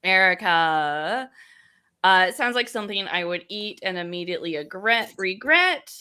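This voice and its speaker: A woman hosting an online comedy trivia game show, easygoing and quick to laugh over a video call. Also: lowish voice, bright, forceful tone, clean tone.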